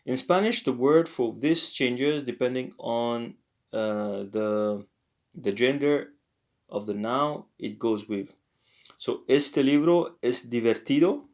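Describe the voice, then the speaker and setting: A man leads a casual online language lesson at a slow, unhurried pace. He speaks haltingly, thinking aloud, filling pauses and correcting himself as he goes. His voice sits at an ordinary pitch for a man. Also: darkish tone. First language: French. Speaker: language teacher.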